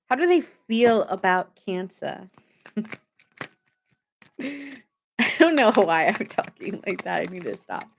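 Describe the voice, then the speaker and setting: A woman's voice: mid-range voice, a little slow, long pauses. A woman giving a casual live-stream tarot reading, chatty and rambling, thanking viewers as she goes. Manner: chatty, rambling, reads chat aloud. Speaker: tarot reader.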